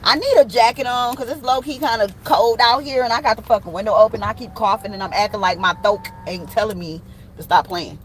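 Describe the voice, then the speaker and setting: A woman's voice: on the high side, a little fast, slight background noise, rough recording. A woman giving a casual online tarot reading from a truck, slangy and profane, joking and acting out little scenes. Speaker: tarot reader. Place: in a parked truck with the window open.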